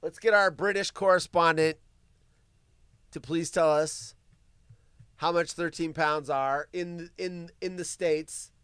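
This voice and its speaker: A man hosts a live stream, riffing on news stories in an animated, casual way, cracking wise and swearing freely. His voice leans high, and he speaks slowly with long pauses.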